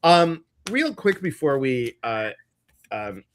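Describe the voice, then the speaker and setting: A man co-hosting a casual live-stream show, talking in a chatty, animated storytelling way. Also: mid-range voice, slow pace, background noise. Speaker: co-host of a live intuitive show.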